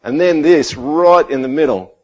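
Middle-aged male pastor, somewhat high-pitched, chatty sermon delivery. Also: moderate pace, muffled recording. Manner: conversational preaching, rhetorical questions, drops to quiet intensity.

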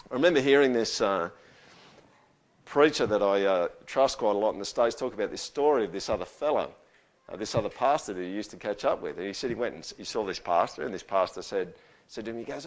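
A man preaching a sermon to a congregation in a conversational style, turning animated as he acts out quotes. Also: mid-range voice, fairly quick. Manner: conversational, animated when quoting. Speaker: pastor.

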